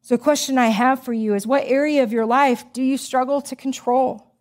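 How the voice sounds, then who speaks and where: A woman's voice: high-pitched, steady tone, a little fast, a little mellow. A middle-aged woman giving a sermon in a chatty, storytelling way, full of asides and fillers. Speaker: speaker.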